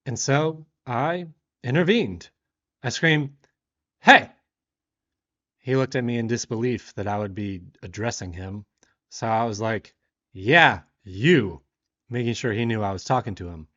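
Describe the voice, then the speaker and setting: Animated man telling a story. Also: mid-range voice, normal speed, dull audio. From Southern United States. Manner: animated storyteller who shouts and acts out the quoted lines. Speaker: woodworking vlogger. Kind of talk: storytelling voice-over.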